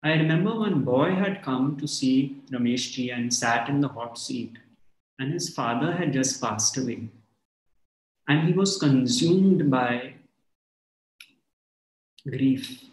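A man giving a spiritual talk, telling stories in a calm, reflective way. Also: mid-range voice, slow, long pauses. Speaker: spiritual teacher. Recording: echoey room.

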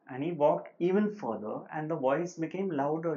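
Calm male spiritual teacher, measured. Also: on the high side. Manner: slow and measured, with long pauses and a joke told along the way. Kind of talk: spiritual talk. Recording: slightly dull lo-fi recording.

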